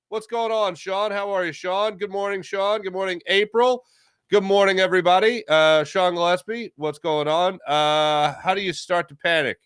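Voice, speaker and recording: Higher-voiced male sports talk host. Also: a bit bright, dry recording, studio quality. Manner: chatty, greets viewers by name, frequent uh fillers. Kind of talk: casual sports talk, reading live chat comments.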